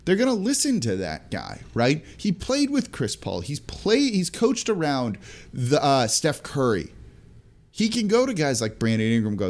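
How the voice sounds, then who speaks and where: A man hosting a solo sports podcast, speaking straight into a studio mic in a mid-pitched voice. He talks with energy in a loose, conversational way, tossing in quick asides. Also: wildly swooping pitch, a little mellow. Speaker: podcast host.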